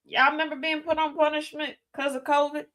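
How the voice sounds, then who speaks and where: With a high, fairly bright voice and flat delivery, a woman speaks briskly as she hosts a radio talk show. Her opinionated commentary is emphatic: she addresses listeners directly with rhetorical questions, repeats key lines for emphasis and drops in folksy, slangy asides.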